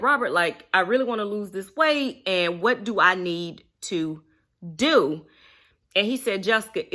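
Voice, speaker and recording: A woman's voice: medium pitch, bright, forceful tone. A woman from Mississippi with a Southern accent, chatting casually to her viewers in a folksy way, calling them y'all. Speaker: vlogger. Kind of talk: unscripted casual chat to viewers.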